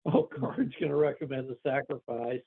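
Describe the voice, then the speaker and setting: A man's voice: mid-range voice, very animated, moderate pace, vocal fry, slightly rough. A man playing a tabletop game, making dry quips. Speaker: player. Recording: dry, phone-like call line.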